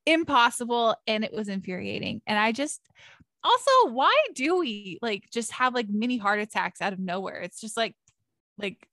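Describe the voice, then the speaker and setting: A woman's voice: on the high side, animated, moderate pace, sharp tone, no echo. A young woman with a Californian accent chatting casually, laughing often and ranting playfully in an exaggerated way. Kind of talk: casual chat.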